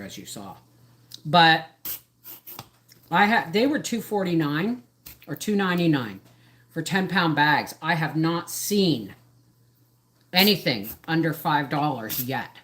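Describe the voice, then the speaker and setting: Her voice sits low with a slightly bright quality. She's a middle-aged homesteader hosting a relaxed livestream from her home kitchen, rambling and hopping from topic to topic.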